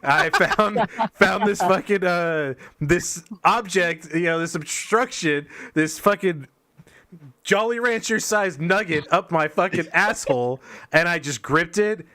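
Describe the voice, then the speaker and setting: A man's voice: high voice, measured pace, bright, forceful tone. A man co-hosting a podcast, telling a long, profane, self-mocking story in casual chat.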